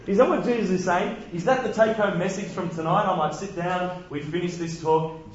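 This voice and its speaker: A man's voice: high voice, moderate pace, very echoey, lo-fi sound, a little hiss or hum. A man giving a conversational sermon full of rhetorical questions. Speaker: preacher.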